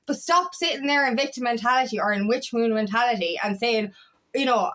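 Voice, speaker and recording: A woman's voice: a little high, lively intonation, normal speed, a bit bright. A young woman coach giving a fiery motivational talk, swearing often and repeating herself for emphasis. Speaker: empowerment coach. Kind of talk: impassioned motivational monologue.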